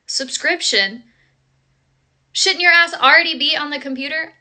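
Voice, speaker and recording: A woman's voice: high-pitched, animated, normal speed, sharp tone. A woman ranting in an exasperated, sarcastic way in a vlog.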